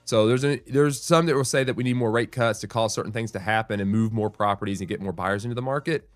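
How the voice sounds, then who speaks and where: Low-voiced man giving market commentary. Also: fast talker, no echo, soft background music. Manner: thinking aloud with restarts, frequent "right?" asides. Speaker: real estate show host. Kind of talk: market commentary reading and explaining news.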